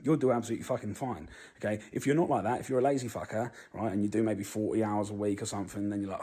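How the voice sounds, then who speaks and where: A man's voice: fairly low pitch, fairly even intonation, fast talker, hardly any pauses, dark tone, slight background noise. A British man in his thirties giving a blunt, swear-filled monologue to camera. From Britain. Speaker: vlogger.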